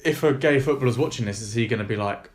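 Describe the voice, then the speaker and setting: A young man chats on a podcast at an ordinary pitch. He turns ideas over aloud and puts questions to his co-host. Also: fast talker. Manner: thoughtful, asks questions. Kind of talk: casual podcast chat.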